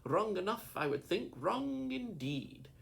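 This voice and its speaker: A man voicing a fierce, proud, scheming Highland man with a gravelly voice. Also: big pitch swings, takes it slowly, a bit bright, full character voice. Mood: indignant.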